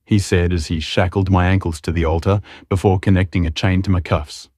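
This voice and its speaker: A man narrating a dramatic romance audiobook, reading the prose and voicing the dialogue with strained, raised pitch. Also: steady tone, a little fast, few pauses, a little mellow, dry recording, clean studio sound.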